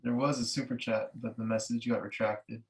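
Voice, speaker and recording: A man co-hosting a podcast, speaking quietly with brief, low-key replies in a casual chat. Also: flat delivery, a little fast. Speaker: podcast co-host.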